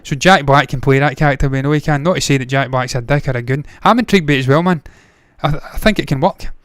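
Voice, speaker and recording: A man's voice: mid-range voice, fast talker, fairly bright tone, smooth, no echo, studio quality. A man hosting a movie news show, talking casually with blunt, profane opinions and frequent tangents. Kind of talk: casual solo commentary.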